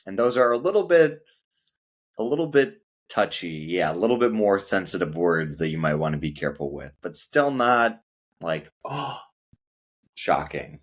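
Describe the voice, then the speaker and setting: An American man teaching English in a casual lesson, measured and careful in his explanations. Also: sits low, sing-song.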